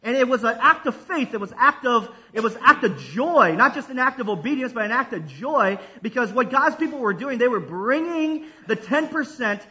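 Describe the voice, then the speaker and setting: A man preaching a sermon as pastor, calling for responses from the congregation and swinging between loud and hushed delivery. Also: extremely high pitch, lively intonation, moderate pace, hardly any pauses, slightly rough, lo-fi sound.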